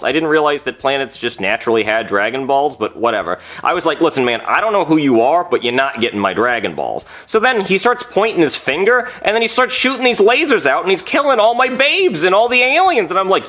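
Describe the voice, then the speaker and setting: A man's voice: fairly high pitch, a bit bright. A man playing a laid-back, sheepish dude who rambles through a long story in a puppet comedy.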